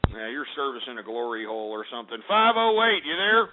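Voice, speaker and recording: A man's voice: medium pitch, sing-song, fast talker, slight background noise. A man hosting a call-in radio show, abrasive and profane, ranting at callers over tinny phone-like audio.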